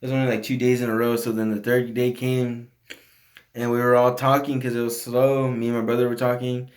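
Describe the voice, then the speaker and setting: A man with a mid-pitched voice tells a story on a casual podcast in an easygoing, rambling way. He uses many fillers and restarts as he talks. He is recorded on a phone in a house used as a home studio. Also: little pitch movement, brisk. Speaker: podcast co-host. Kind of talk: casual chat.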